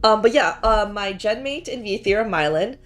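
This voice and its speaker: A woman's voice: medium pitch, lively intonation, normal speed, fairly bright tone, faint music behind. A woman hosting a casual science stream from home, chatty and giggly, with lots of "um" and "like" as she greets her viewers. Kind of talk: casual chat. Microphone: home streaming mic.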